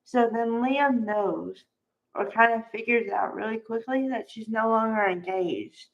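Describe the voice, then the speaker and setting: Slow-talking woman, slightly high voice, gushes through a soap recap, says "like" a lot. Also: dull audio. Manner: gushing, chatty, peppered with "like". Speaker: soap opera recap vlogger. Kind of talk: casual chat.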